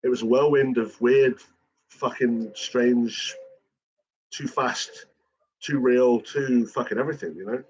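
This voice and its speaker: A man's voice: mid-range voice, steady tone, measured pace, slightly rough, highs cut off. A man talking casually and emotionally about his late father, swearing a lot and rambling. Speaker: son of a late cartoonist, guest.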